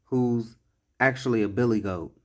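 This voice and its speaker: A man's voice: medium pitch, normal speed. A man giving blunt, profane, mocking reaction commentary on a clip.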